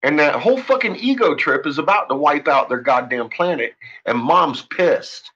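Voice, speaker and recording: A man's voice: a little high, animated, normal speed, slightly rough, highs cut off. A man on a late-night monologue, ranting and swearing heavily as he tells his story. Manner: profane, ranting, shouts in retold quotes. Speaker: host.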